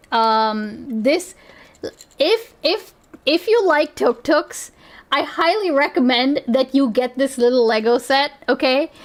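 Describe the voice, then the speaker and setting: A woman with a South Asian accent, streaming and reacting in rambling, casual chat that is full of swearing and frequent laughter. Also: sits high.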